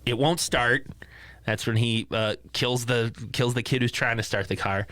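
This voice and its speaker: A man co-hosting a casual movie podcast, retelling scenes with lively acted-out lines. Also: medium pitch, normal speed. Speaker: podcast co-host.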